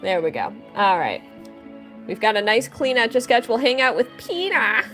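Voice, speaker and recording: A woman's voice: a little high, expressive, moderate pace, fairly bright tone, faint music behind. A woman chatting casually on a livestream, greeting viewers by name while she draws. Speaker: livestreaming artist.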